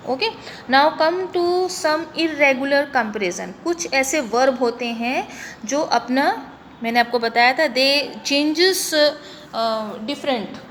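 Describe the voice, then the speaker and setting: A woman with an Indian accent teaching English grammar, repeating example words slowly and breaking them into syllables. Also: fairly high pitch, a bit bright, big-room sound, a little hiss or hum. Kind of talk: grammar lesson mixing English and Hindi.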